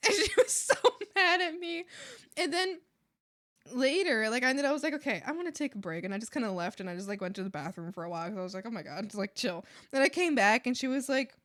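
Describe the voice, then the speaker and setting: Young woman, art streamer, casual chat, giggly, lots of fillers, bright voice. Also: a little high, lively intonation, fast talker. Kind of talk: casual chat while drawing. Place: home room.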